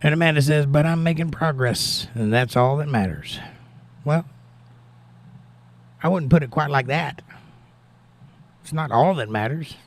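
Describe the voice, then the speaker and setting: A man's voice: on the high side, a little slow, pauses often. A man hosting a casual livestream, reading viewer comments aloud and replying with a prayerful touch. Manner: prayerful, thanks God. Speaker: livestream host reading chat. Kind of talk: casual chat.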